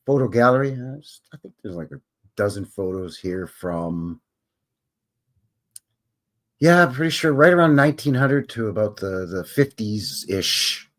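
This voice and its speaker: Canadian guy rambling on his livestream, lively up and down voice, keeps laughing at his own jokes. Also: on the low side, measured pace. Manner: rambling, jokey, chuckles to himself. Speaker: livestream host. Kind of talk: casual live-stream chat.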